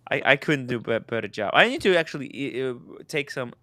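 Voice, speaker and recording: A man co-hosting a casual podcast panel chat, rambling with frequent halting restarts. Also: mid-range voice, animated, sharp tone, dry recording. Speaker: podcast co-host. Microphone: studio mic.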